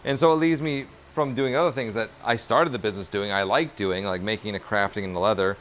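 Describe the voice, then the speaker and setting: A streamer with a lowish, steady, fairly bright voice talks fast while working leather in his workshop, with a little hiss or hum in the background. His livestream chat is casual and rambling, full of fillers, upbeat and encouraging.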